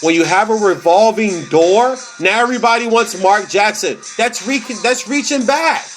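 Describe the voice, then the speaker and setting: A man with a strikingly high voice rants loosely about sports, slangy and animated, hammering points home by repeating them. Faint music plays underneath. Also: moderate pace. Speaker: comedy podcast host. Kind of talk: casual sports rant.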